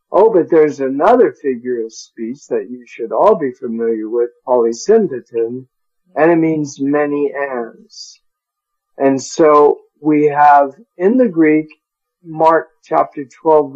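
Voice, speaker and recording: A man's voice: a little high, a little mellow, highs cut off. A man teaching a Bible study, carefully sounding out Greek words and chuckling at his own stumbles over hard terms. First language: English.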